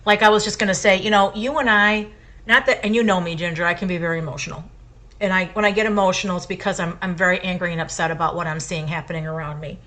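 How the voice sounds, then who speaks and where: A woman's voice: on the low side, steady tone, fast talker, fairly bright tone. Impassioned middle-aged woman co-host. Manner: impassioned, emphatic opinion-giving. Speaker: podcast co-host. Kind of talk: casual chat.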